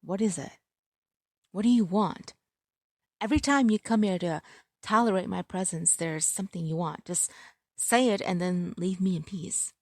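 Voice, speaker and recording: A woman's voice: lowish voice, moderate pace, no echo, clean studio sound. A woman doing a sardonic studious young man. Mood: exasperated. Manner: sardonic, clipped.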